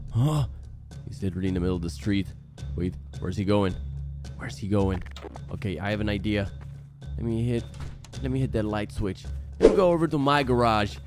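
A young man narrating a horror game he is playing, jumping between hushed muttering and startled yelling. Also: mid-range voice, a little fast, over loud music. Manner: jumpy, exclaiming, swings between hushed and yelling. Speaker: gaming channel host.

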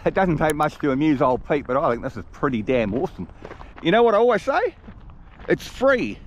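A man's voice: medium pitch, a little hiss or hum. A man vlogging in a casual, enthusiastic way as he walks outdoors, chatting straight to his viewers. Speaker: travel vlogger. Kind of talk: casual walking vlog. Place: outdoors among rocks.

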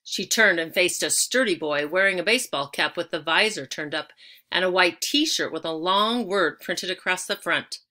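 Woman reading a kids' book out loud, bright forceful tone, a bit low-pitched, leans into the big words. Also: moderate pace. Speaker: audiobook reader. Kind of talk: reading a children's chapter book aloud.

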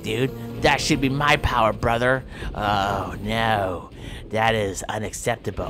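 A man's voice: lowish voice, steady tone, takes it slowly, music in the background. A man playing a video game and commenting playfully, taunting his opponent in a theatrical mock-villain manner with old-fashioned phrasing and sound effects. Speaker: gameplay commentator.

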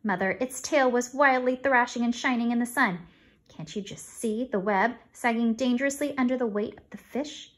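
A woman's voice: moderate pace, lightly acted. A woman voicing an eager, imaginative little farm girl in a storybook reading. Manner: excited, rising pitch.

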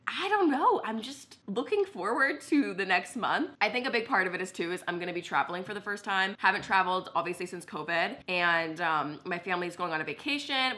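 A woman's voice: mid-range voice, bright, forceful tone. A young woman chatting casually to her camera at home as a lifestyle vlogger, upbeat and giddy, with lots of "like" fillers. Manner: chatty, filler-heavy with frequent "like". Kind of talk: casual vlog chat. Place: indoors at home. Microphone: wireless mic worn for filming.

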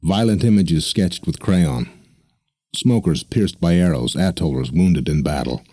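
A man narrating an audiobook in a steady, even storytelling manner. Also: low voice, a little slow, slightly rough, no room sound. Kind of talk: scripted narration.

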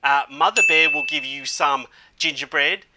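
A man hosting a game walkthrough video, talking energetically, calling out "guys" constantly and punctuating with quick exclamations. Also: fairly high pitch, steady tone, very noisy. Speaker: gaming channel host. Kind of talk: excited game walkthrough commentary.

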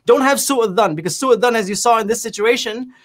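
A man on a faith-based panel discussion, recounting a story from religious history. His voice sits high and the words tumble out quickly. He paints the scene vividly as he goes. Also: fairly bright tone.

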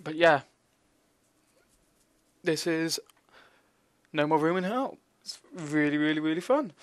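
A young man giving casual, excitable commentary while playing a game, joking and swearing at what happens on screen. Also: on the high side, slow pace, dry recording. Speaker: gaming commentator.

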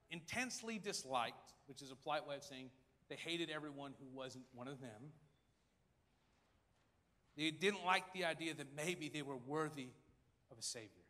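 A man preaching a sermon in a dramatic style, acting out crowd voices and swinging between loud and hushed. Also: fairly high pitch, moderate pace, pauses often, long reverb tail. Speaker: pastor. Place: large church hall.

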